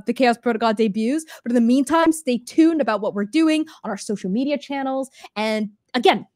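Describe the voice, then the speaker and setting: A woman running an actual-play tabletop show, talking in a bubbly, excitable way and laughing often in a casual panel interview. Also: a little high, dry recording, clean studio sound.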